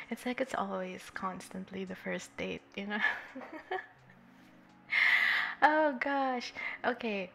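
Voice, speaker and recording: A woman livestreaming and chatting warmly with her viewers. She giggles often, sounds nervous, and is a little tipsy. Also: medium pitch, takes it slowly, gravelly. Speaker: streamer greeting chat. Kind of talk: casual livestream chat.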